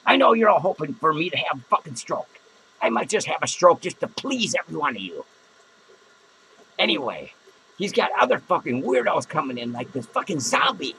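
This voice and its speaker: In a podcast studio, a man plays a foul-mouthed, jittery male clown hosting a podcast, ranting crudely and anxiously at his viewers with swearing, rambling, and nervous outbursts. His exaggerated voice is a little high, very animated, pushed and bright with vocal fry, at a moderate pace. The audio is poor, with a slight hiss or hum.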